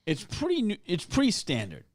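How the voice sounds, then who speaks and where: A man hosting a loose podcast conversation. He rants and swears his way through a story, and his pitch swings widely as he acts out both sides. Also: brisk. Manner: animated ranting storyteller, swears a lot. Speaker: podcast host. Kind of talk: casual chat.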